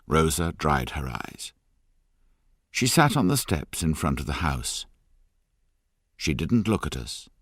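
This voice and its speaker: A man narrating a graded reader audiobook with clear, expressive delivery. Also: very deep voice, no room sound. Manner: slow, clear, expressive reading.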